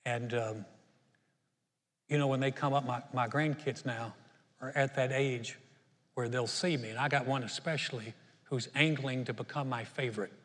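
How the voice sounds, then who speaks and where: A man's voice: medium pitch, fairly even intonation, moderate pace, fairly bright tone, long reverb tail. An older man preaching a sermon to a congregation, earnest and conversational, often restarting his words. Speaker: pastor. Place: auditorium.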